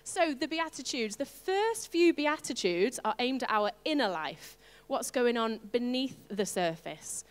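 Woman pastor, animated sermon delivery, a little high-pitched, reverberant church hall. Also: a little slow, hardly any pauses, smooth. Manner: animated, playful asides to the congregation.

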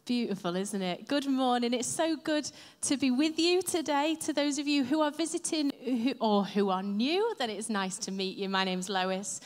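A woman's voice: fairly high pitch, animated, normal speed, few pauses. A woman church leader giving a chatty, self-deprecating sermon from a church stage and talking with the congregation. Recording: long hall reverb.

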